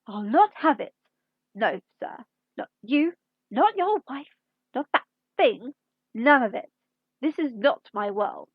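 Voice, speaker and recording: A woman's voice: sits high, lively intonation, slow pace, pauses often, slightly rough, dry recording, highs cut off, exaggerated voice. A woman reading aloud, voicing an imperious, scolding queen in a formal tone. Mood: indignant. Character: imperious indignant royal queen, adult woman.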